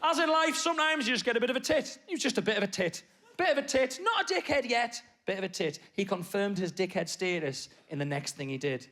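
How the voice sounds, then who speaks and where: A man on a comedy stage spins a story in a fairly high voice. He keeps jumping from loud outbursts to low mutters. His pitch moves all over the place. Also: fast talker. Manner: animated, swings between loud bursts and low muttered asides. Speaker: stand-up comedian. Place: comedy stage before a live audience.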